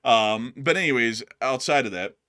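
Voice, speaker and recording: A young man co-hosting a political live stream, animated and chatty. He keeps calling his viewers "folks." His voice is bright and forceful, with a pushing edge. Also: mid-range voice, moderate pace.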